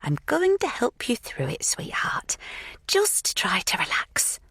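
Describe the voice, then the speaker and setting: A woman's voice: a little high, huge pitch swings, takes it slowly, pushed and bright, slightly rough, no echo, whispered, studio quality, pitched above the performer's own voice, heavily acted. A woman voicing an unsettling older woman who plays the midwife, soothing in a sing-song, menacing way. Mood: falsely soothing.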